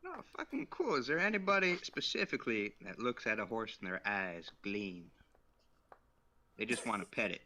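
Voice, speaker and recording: Playful swearing tabletop player. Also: male voice, on the low side, big pitch swings, normal speed, bright, forceful tone. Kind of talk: casual game chat.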